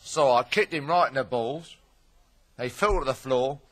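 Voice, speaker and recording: A man talking in a deadpan, mock-reasonable, sweary way in an improvised comic chat. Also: medium pitch, moderate pace, a little hiss or hum. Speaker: comedian in improvised dialogue.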